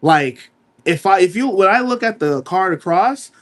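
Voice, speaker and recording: A man co-hosting a casual podcast, with a high voice that leaps up and down as he makes his points. He talks emphatically, circling back to repeat himself and filling gaps with stalled "uh"s. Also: moderate pace. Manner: animated, emphatic, repeats himself with many fillers. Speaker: podcast co-host. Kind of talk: casual wrestling podcast chat.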